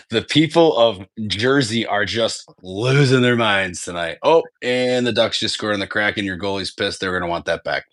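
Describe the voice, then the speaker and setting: A man's voice: on the low side, moderate pace, fairly bright tone, dry recording. A man hosting a sports podcast in casual chat, rambling and swearing freely. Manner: rambling, profane, self-correcting. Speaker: podcast host.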